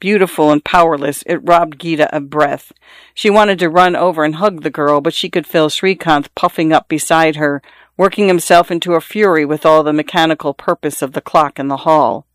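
An audiobook narrator reading literary fiction in a measured, even storytelling voice. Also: medium pitch, no echo, studio quality.

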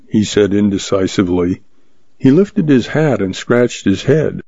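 A man reads a western story aloud at a steady, unhurried pace. His low voice is gravelly and dark. The recording is dull and completely dry. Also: dry recording. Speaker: narrator. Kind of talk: audiobook narration of a western.

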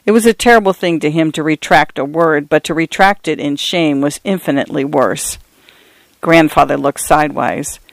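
Male audiobook narrator, measured and steady, slightly higher voice, very dry close recording. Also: creaky, dry recording. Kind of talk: scripted narration.

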